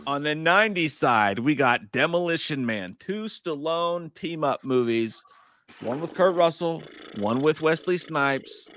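A man co-hosting a casual movie chat, excitable and swearing, acting out scenes. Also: a little high, measured pace, no echo. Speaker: podcast co-host.

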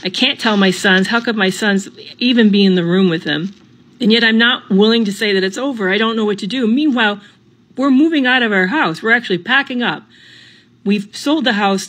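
Middle-aged woman, personal storytime narrator, earnest and halting, plenty of restarts, mid-range voice. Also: medium pitch, fairly bright tone, rough recording.

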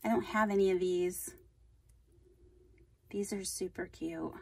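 Slow-talking gushing woman vlogger. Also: fairly low pitch, steady tone, gravelly, slightly rough, no echo. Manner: gushing, effusive thanks. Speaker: craft channel host. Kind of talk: casual unboxing vlog.

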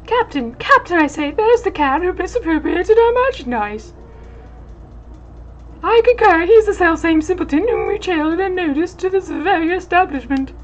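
A woman voicing a fawning male pirate lackey who speaks in high, eager, overly formal tones. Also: lively intonation, moderate pace, muffled recording, soft background music.

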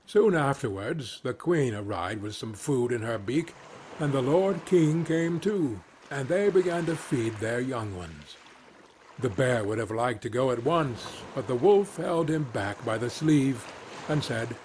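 A man reads fairy tales aloud at bedtime, very slowly and soothingly. His voice rises and falls in a lively way. Soft ambient sounds hum faintly behind him. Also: mid-range voice. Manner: slow, soothing storytelling. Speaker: narrator. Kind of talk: bedtime fairy-tale reading.

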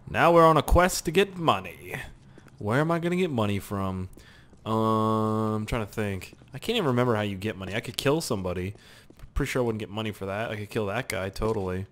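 A young man giving casual, profane gameplay commentary with sudden loud outbursts. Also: fairly low pitch, brisk.

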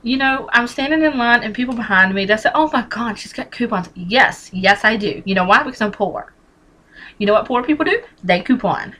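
Brassy woman vlogger, bright forceful voice, blunt and chatty, swears casually, repeats key points. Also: a little high, expressive, a little fast, poor audio. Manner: emphatic repetition, talks straight to viewer. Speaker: vlogger teaching couponing. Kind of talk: casual how-to vlog.

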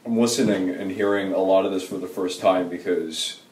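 A young man with a very deep voice speaks thoughtfully and with wry humor. He is recorded in a roomy space from a distant mic. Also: steady tone, a little fast, a little mellow, slight background noise. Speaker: interviewer, son of interviewee. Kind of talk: casual interview chat.

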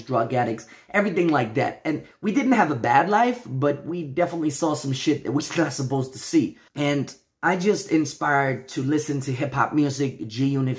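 Earnest Danish man, American-sounding accent. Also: mid-range voice. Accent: American-sounding English. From Denmark. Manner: earnest and affectionate, often falls back on "so, yeah". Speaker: channel host. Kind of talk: casual chat reading viewer comments.

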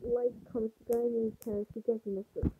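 A woman's voice: on the high side, level tone, moderate pace, breathy edge, no echo, phone-quality sound. A woman hosting a casual screen-recorded vlog, exasperated, swearing and laughing, recorded on a phone. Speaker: channel host reacting to fan art. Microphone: phone screen recorder mic.

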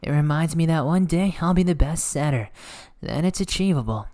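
A voice actor playing a cocky, teasing teenage boy volleyball setter in a soft, whispered role-play. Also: mid-range voice, lively intonation, moderate pace, natural voice. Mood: earnest. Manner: playful, teasing, soft-spoken. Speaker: ASMR voice actor.

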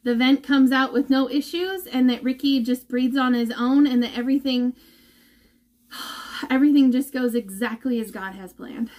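Speaking from indoors at home, a woman shares an emotional vlog update with her followers as a mother and admits she is fighting back tears. Her pitch is high, her tone somewhat dark, and she talks at a normal speed.

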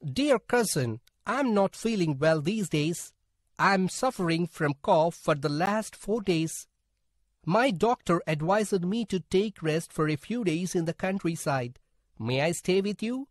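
A man doing soft, raised-voice mice reading letters. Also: sits high, lively intonation, a little slow, no echo, studio quality, voice pushed up. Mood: formal.

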